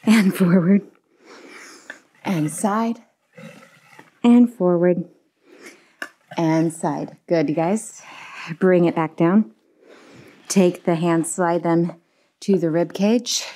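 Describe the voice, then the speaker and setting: A woman's voice: lowish voice, slow pace, warm tone. A young woman teaching a home pilates and barre class on a lapel mic, upbeat and encouraging as she counts reps. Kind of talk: cueing a home workout class. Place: home workout space. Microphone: lapel mic pack.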